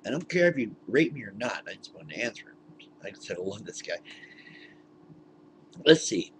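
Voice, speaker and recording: A man ranting into a webcam, indignant and animated, laughing often between points. His mid-pitched voice swings widely up and down, with a faint hiss behind it. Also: moderate pace. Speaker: vlogger. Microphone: webcam mic.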